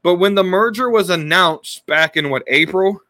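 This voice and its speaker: Podcast guy, bright kinda high voice, rambly with lots of ums, dry sound. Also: normal speed, dry recording. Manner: rambling, many restarts and fillers. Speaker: podcast host. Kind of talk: casual wrestling podcast talk.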